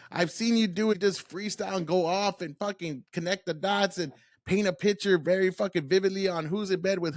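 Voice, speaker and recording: A man's voice: high-pitched, no room sound, clean studio sound. A man giving casual, worked-up reaction commentary on interview clips, blunt and profane.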